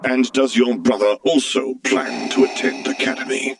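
A man voicing a stern, imposing armored dark lord, slow and booming, with a gravelly edge. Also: fairly even intonation, noisy background, close to an everyday voice.

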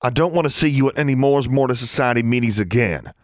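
A man's voice: medium pitch, fast, no room sound, clean studio sound, voice pushed up, lightly acted. A man voicing a stern, commanding sixteen-year-old boy who growls clipped warnings.

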